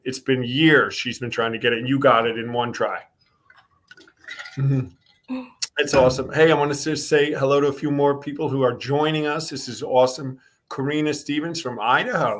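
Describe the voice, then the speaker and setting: A man's voice: mid-range voice, a bit bright. A man with a Northeastern American accent hosting a casual online show, chatting easily and greeting viewers by name. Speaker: host.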